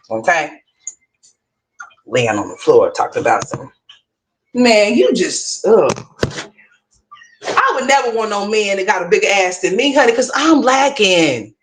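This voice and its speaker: A woman's voice: lowish voice, husky. Sassy woman ranting gossip on her livestream, cussing, calling everyone girl and honey. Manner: sassy, profane, talks straight to viewers as girl and honey. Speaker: commentary livestream host. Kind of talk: casual gossip commentary.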